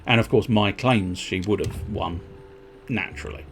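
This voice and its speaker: A man's voice: lowish voice, moderate pace, vocal fry, a little hiss or hum. A man streaming a game, rambling and mocking himself in casual chat. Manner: rambling, self-mocking, giggly.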